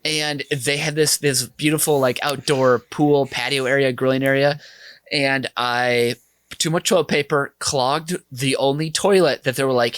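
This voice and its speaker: Podcast guy, gets excited, lots of stop-start, super dry sound. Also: medium pitch, unhurried, clear, resonant tone, dry recording. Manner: excitable, hesitant restarts. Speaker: podcast contestant. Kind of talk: casual comedic chat.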